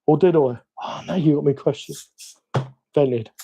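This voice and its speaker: A man's voice: on the high side, normal speed, mellow, highs cut off, a little hiss or hum. A man with a Cockney accent chatting casually and rambling with self-mocking asides during a live stream. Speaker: hobby livestream host. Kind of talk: casual live-stream chat while working.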